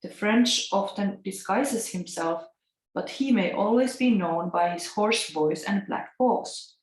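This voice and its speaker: A woman's voice: mid-range voice, slow, close to an everyday voice. Woman reading as a caring mother goat with a Finnish-Italian accent. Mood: warning. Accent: Finnish with Italian tinge. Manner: read aloud plainly from a storybook. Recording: echoey room.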